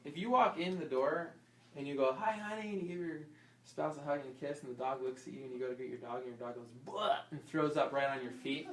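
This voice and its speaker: A chiropractor teaching an informal health class, quizzing the audience and acting out small scenes. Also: male voice, medium pitch, fast. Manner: lively, asks the audience questions and acts out little scenes. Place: class room. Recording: echoey room, voice from far off.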